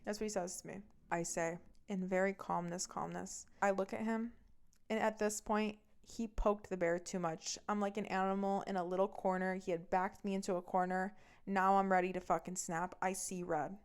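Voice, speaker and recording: A woman hosting a podcast, telling a personal story with heavy swearing and a heated, fast delivery. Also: medium pitch, little pitch movement, clean tone. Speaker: podcast host.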